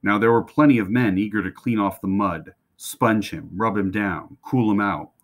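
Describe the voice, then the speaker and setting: A man reading a children's book aloud with expressive delivery. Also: fairly low pitch, moderate pace. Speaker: reader.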